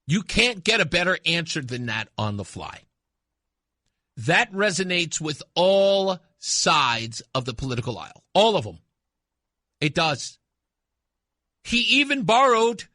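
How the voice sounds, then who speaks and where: A man hosting a talk radio show, giving emphatic, impassioned commentary that swings from loud to hushed. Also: sits high, no room sound, clean studio sound.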